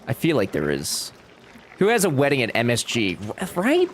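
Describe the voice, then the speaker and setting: A man's voice: mid-range voice, huge pitch swings, normal speed, slight background noise. A young man chatting casually with his live-stream chat while playing a game, joking and talking back to viewers.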